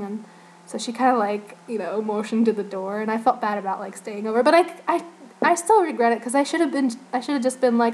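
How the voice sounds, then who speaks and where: A woman's voice: a little high, brisk, a little mellow, rough recording. A young woman from Northern Virginia chatting casually as a fan vlogger, rambling and giggling, with lots of "like" and "you know". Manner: rambling, giggly, heavy use of "like". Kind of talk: casual chat.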